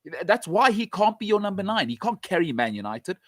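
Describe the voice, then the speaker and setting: Male football pundit, slightly high voice, blunt and emphatic, repeats himself for effect; dry close recording. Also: sing-song, brisk, fairly bright tone, dry recording. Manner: direct address to fans. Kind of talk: opinionated sports talk.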